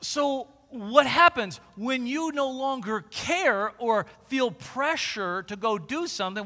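A man in his forties preaching a sermon in a church, moving from quiet asides to loud, emphatic bursts. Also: very high voice, lively intonation, takes it slowly, hardly any pauses. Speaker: pastor. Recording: long hall reverb.

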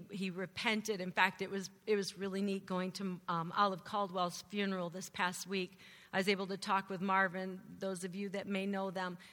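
Bright-voiced woman giving testimony. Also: medium pitch, big-room sound. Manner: animated storytelling, acting out her teenage self. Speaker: speaker giving a church testimony. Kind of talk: testimony sermon.

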